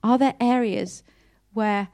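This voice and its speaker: A woman's voice: a little high, fairly even intonation, slow pace, dark tone. Earnest, heartfelt woman. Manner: repeats and restarts words. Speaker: Christian speaker. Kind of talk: personal devotional talk.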